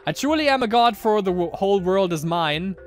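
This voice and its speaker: A man's voice: sits high, lively intonation, brisk. A man playing an arrogant Roman emperor. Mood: grandiose. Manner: grandiose, theatrical reading. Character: haughty young Roman emperor Caligula, arrogant.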